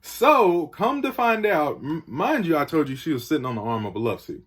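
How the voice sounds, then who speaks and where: A man's voice: on the high side, sing-song, normal speed, breathy edge. A young man telling a story in casual talk, acting out the quotes and the sound effects.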